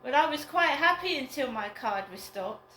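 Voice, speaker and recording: A woman rambling slowly and glumly in a casual solo vlog from her flat. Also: high-pitched, a little hiss or hum. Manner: slow, rambling, downbeat musing. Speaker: vlogger. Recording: roomy flat with faint ambience.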